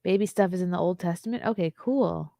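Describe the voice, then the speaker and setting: A woman's voice: lowish voice, brisk, vocal fry, mellow, no room sound, studio quality. A woman hosting a casual livestream, candid and chatty, often laughing and reading viewer comments aloud. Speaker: livestream host.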